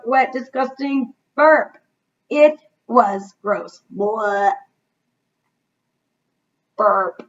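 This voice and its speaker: A woman reading a children's chapter book aloud like a teacher, expressive and pausing to ask her listeners questions. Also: on the high side, muffled recording.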